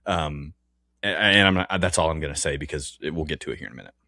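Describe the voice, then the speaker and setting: A man's voice: rumbling low, fast, sharp tone, no echo. A man co-hosting a casual Bible-study podcast. He rambles, stops to restart his sentences, and breaks into laughter often. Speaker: podcast co-host.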